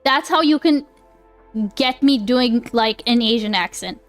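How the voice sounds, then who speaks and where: A woman's voice: on the high side, measured pace, faint music behind. A woman live streamer chatting casually with her viewers. She rambles, restarts often, laughs a lot and swears freely.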